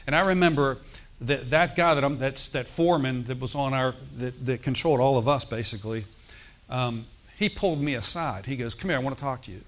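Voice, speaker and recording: Man preaching a sermon. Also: mid-range voice. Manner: storytelling preacher, rising to emphatic exhortation. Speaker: pastor.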